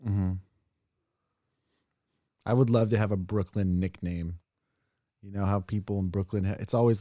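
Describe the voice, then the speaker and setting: A man's voice: lowish voice, fairly even intonation, normal speed, pauses often, warm tone, no echo, studio quality. A man co-hosting a podcast, joking playfully in casual chat. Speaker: podcast co-host.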